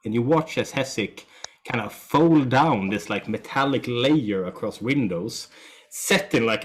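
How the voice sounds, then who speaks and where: A man narrating as game master of a tabletop game, unhurried and relaxed, with many fillers. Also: mid-range voice. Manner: relaxed, drawn-out storytelling with fillers.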